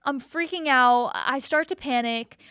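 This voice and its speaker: Young woman co-host, high voice, dry close sound, animated storyteller. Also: unhurried, clear, resonant tone, dry recording. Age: 20s. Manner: animated, acts out quotes with big pitch jumps. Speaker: podcast co-host. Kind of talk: casual storytelling chat.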